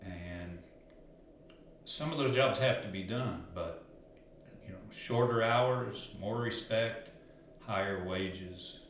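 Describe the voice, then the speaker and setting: Male life coach, lowish voice, earnest and rambling, very echoey room with faint hiss. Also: slow, pauses often, fairly bright tone. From Arkansas. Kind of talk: casual storytelling monologue.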